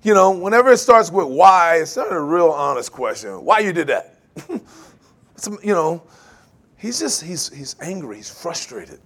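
A man preaching a sermon, animated, laughing often and acting out quoted voices. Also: on the high side, unhurried. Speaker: pastor.

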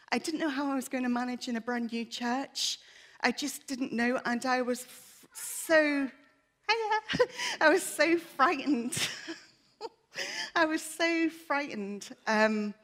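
A woman's voice: a little high, fairly bright tone. A woman giving an earnest, emotional personal testimony in church, her voice shaky at times. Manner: earnest, emotional, with many fillers.

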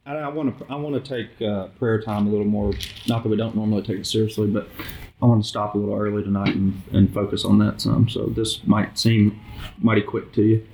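A man leading a small group Bible study, reading scripture aloud and commenting in a conversational, halting way with frequent restarts. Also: lowish voice, little pitch movement, creaky, dark tone. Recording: noisy amateur recording with clicks.

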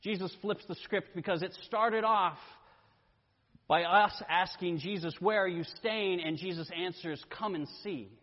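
Male pastor, high-pitched, unhurried sermon delivery, long reverb. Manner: slow, deliberate preaching with dramatic pauses. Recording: dull sound with long church reverb.

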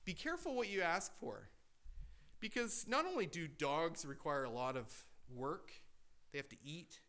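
A man preaching a sermon in a conversational way, asking the congregation questions and shifting between loud emphatic lines and quiet asides. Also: fairly high pitch. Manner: conversational preaching with rhetorical questions and repeated restarts. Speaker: pastor.

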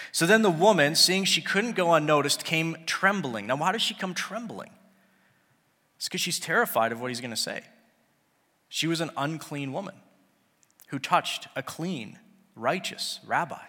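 A man's voice: a little high, sharp tone. A man preaching a sermon, who talks casually and acts out the people he quotes. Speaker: pastor. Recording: long hall reverb.

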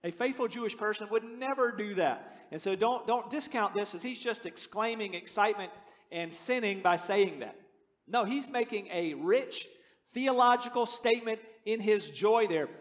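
A man in his fifties preaches with a high voice that rings out through a large hall. He talks earnestly and conversationally, then builds to emphatic declarations. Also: normal speed, a bit bright. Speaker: pastor. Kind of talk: sermon. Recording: long reverb of a large hall.

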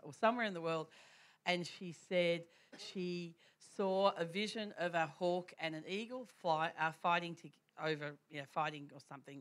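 A woman telling a church testimony story, animated and laughing often, with many restarts. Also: fairly low pitch. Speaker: church speaker.

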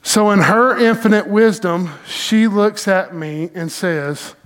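Folksy pastor, slightly high voice. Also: male voice. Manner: folksy, animated storytelling with dramatic pauses. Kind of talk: sermon storytelling.

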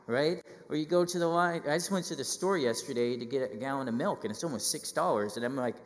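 A middle-aged man preaching a sermon to children, lively and full of questions, acting out quoted voices. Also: mid-range voice, big-room sound.

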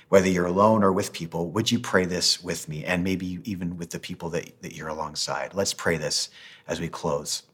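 Deep slightly husky guy preaching, earnest and gentle, pastor vibe. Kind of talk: sermon.

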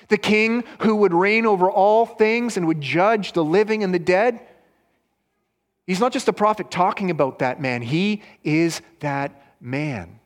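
A man preaching a sermon as pastor, earnest and emphatic, swinging between loud stresses and hushed lines. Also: high voice, big-room sound.

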